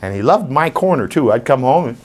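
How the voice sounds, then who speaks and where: A dog trainer with a mid-range male voice speaks fairly quickly, chatting informally to a live audience. He's animated and acts out scenes using little character voices.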